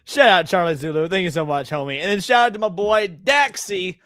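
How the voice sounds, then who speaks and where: A man's voice: sits high, fairly quick, a bit bright, no room sound, studio quality. Chatty male stream host. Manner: loose, rambling, stumbles over words. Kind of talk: casual livestream chat.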